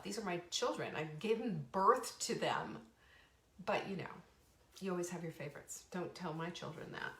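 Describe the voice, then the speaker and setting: With a medium-pitched, somewhat bright voice, a middle-aged host keeps a live show's casual talk bubbly and enthusiastic, restarting many times. There's a roomy echo to the sound.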